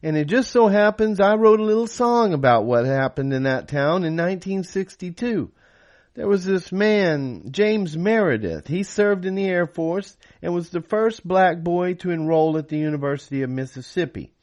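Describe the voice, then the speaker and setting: A man's voice: high-pitched, expressive, moderate pace, darkish tone, pitched above the performer's own voice. A man doing a drawling, nasal folk-singer impression while reading from a novel. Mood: drawling showman.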